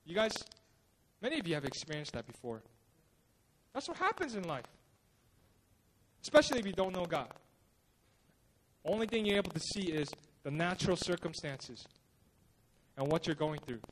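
A male pastor preaches a sermon at a church service, casual and animated, often repeating himself and making jokes at his own expense. His voice is a little high, his pace moderate, and he takes long pauses.

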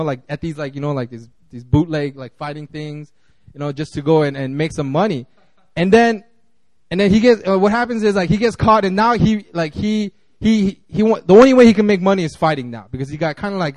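A man's voice: on the high side, a little mellow, no room sound. A man giving a casual, conversational sermon, full of fillers and restarts as he talks. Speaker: guest preacher.

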